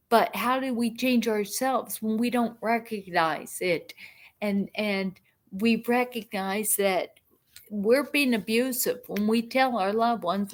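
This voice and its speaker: A middle-aged woman hosting a casual livestream chat, talking in a halting way with many restarts and asides. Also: on the high side. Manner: slow, halting, frequent restarts and self-talk. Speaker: livestream host.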